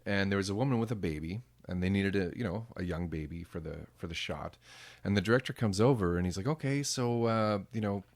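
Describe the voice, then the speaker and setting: A man guest telling lively stories about his work as a background performer and acting out what people said. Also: low voice, a little fast. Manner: animated, acts out quoted voices. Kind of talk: casual interview storytelling.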